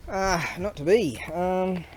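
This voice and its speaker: A man's voice: sits high, takes it slowly, a little hiss or hum. A man, chatting casually in a rambling, storytelling way for his vlog, recorded outdoors on a camera mic. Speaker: vlogger.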